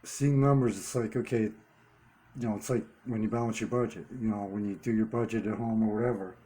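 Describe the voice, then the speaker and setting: Man, fairly low voice, warm and mellow; an earnest solo vlogger thinking aloud, restarting phrases and hammering single words. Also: flat delivery, quick pace. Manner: earnest, repeats key words for emphasis. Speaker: vlogger running a one-person channel. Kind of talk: unscripted commentary monologue.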